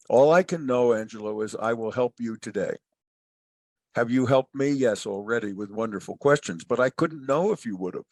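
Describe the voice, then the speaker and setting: Gravelly older man musing philosophically. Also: medium pitch, no room sound. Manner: expansive, philosophical, storytelling. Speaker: guest, family wealth advisor. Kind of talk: reflective interview talk.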